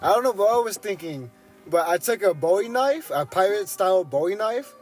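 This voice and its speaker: Brief: young male co-host, casual halting storyteller, slightly high pitch. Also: expressive, soft background music. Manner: storytelling, lots of ums and restarts. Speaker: podcast co-host. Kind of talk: casual chat.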